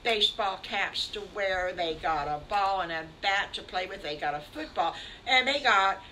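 An older woman telling a made-up story to children, animated and talking straight to the boys and girls. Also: medium pitch, moderate pace, a little hiss or hum, poor audio. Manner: warm, animated, addresses children.

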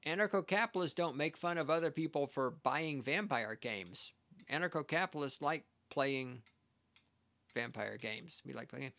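Male podcast host, higher-pitched voice, sarcastic and scornful, heated commentary. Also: normal speed, bright, forceful tone. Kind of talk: ranting commentary reacting to a read-out text.

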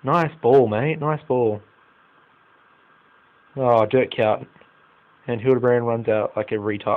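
He's a young gaming YouTuber with an Australian accent, speaking slowly with fairly even intonation and long pauses as he commentates a football management game live. He drifts from low muttering into loud, cursing exclamations, and the audio is poor.

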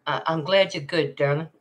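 An older woman hosting a relaxed livestream from home, her voice low and her pace unhurried. She chats and laughs easily, calling her viewers darling as she reads their comments. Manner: chatty, laughs often, calls viewers darling. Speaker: livestream host. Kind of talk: casual livestream chat reading comments.

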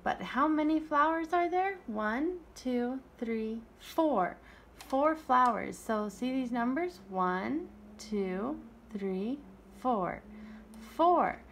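In an online preschool lesson, a teacher guides a small child through shapes and counting, speaking very slowly in an animated, sing-song way with lots of praise. Her fairly high voice rises and falls a great deal, with faint room noise beneath it.

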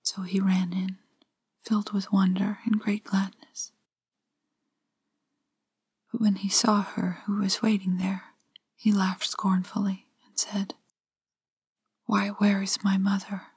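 A woman reads an old fairytale in a gentle whispered role-play meant for sleep. Her whisper is airy and breathy, slow and evenly level. The sound is close and dry, with no room in it. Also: mid-range voice, little pitch movement, no room sound. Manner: gentle, unhurried storybook reading. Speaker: storyteller.

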